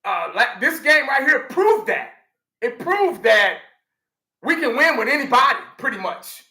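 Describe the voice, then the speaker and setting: A middle-aged man talks to his audience in a loose, rambling way, circling back and restarting his thoughts. His voice sits fairly high with a very bright, sharp edge. The room around him is echoey. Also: sing-song, unhurried. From Texas. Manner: rambling, restarts a lot, addresses viewers. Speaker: fan channel host. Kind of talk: casual chat.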